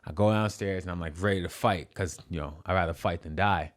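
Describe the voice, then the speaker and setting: A young man casually telling a story as a podcast guest, animated and profane, with lots of restarts. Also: low-pitched, a little fast. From New York City.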